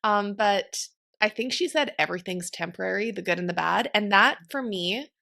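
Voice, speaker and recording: Young woman co-host, easygoing and reflective, gravelly tone. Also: medium pitch, normal speed, bright, forceful tone. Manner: easygoing and reflective, with many fillers. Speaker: podcast co-host. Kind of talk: casual podcast chat.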